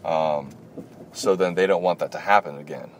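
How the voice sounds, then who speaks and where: A man's voice: low-pitched, normal speed. A man telling rambling stories about his old job as a dealer, full of fillers and restarts, recorded inside a car while he drives. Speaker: vlogger and former poker dealer. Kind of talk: casual storytelling rant. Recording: loud car and road noise.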